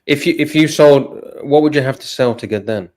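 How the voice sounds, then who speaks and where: A man's voice: mid-range voice, brisk, darkish tone. A man co-hosting a casual livestream, chiming in with dry, teasing remarks. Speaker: livestream co-host.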